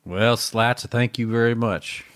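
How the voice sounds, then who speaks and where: A man co-hosting a true crime podcast, chatty and playful, quick to agree and joke along. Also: mid-range voice, steady tone, a bit bright. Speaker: podcast co-host.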